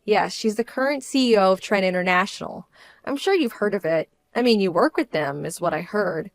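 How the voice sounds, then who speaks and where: An actress playing a young bride-to-be who answers her fiancé in a firm, measured, indignant way. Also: mid-range voice, animated, no room sound, close to an everyday voice. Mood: cold. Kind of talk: dramatized story voice acting.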